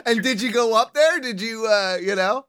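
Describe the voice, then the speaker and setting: A man's voice: very high voice, moderate pace, a bit bright, smooth. A man hosting a casual chat, asking eager questions and laughing along. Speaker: host.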